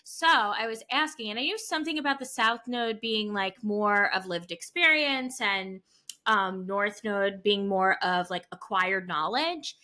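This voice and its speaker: A woman's voice: mid-range voice, a little slow, bright, forceful tone. A woman co-hosting a podcast in casual chat, chatty and full of fillers. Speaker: podcast co-host.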